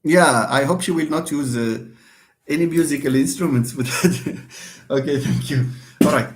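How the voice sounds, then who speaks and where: A man teaching English word stress in an online lecture, drawing out words slowly and with emphasis. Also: on the high side. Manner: slow, emphatic, drawn-out words.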